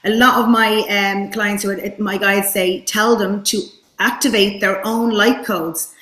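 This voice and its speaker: A woman's voice: mid-range voice, level tone, a little slow, pushed and bright. A woman hosting an interview as a therapist, speaking casually and enthusiastically with frequent restarts. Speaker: host, therapist. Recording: echoey room.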